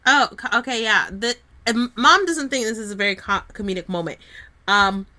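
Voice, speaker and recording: A woman's voice: on the high side, moderate pace, sharp tone. A young woman co-hosting a casual chat about a soap opera in a sassy, playful way. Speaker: podcast co-host.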